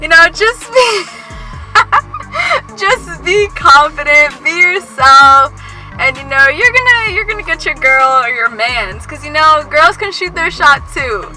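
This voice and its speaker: A woman's voice: sits high, sing-song, slow, music in the background, poor audio. A woman of twenty co-hosting a couple's Q&A, giggly, filling her talk with "like". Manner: giggly, heavy use of "like". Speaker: co-host of couple's channel. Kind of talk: casual Q&A chat.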